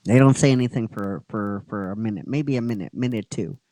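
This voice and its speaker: A man casually retelling a story as a show host, halting and restarting, with the occasional swear word. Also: fairly low pitch, dark tone, no echo, poor audio.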